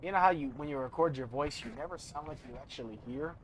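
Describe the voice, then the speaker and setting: A man's voice: fairly high pitch, fast, a little hiss or hum. A young man streaming a video game, rambling through gear stats and joking about his own voice as he talks to chat. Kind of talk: casual gameplay commentary. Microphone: studio desk mic.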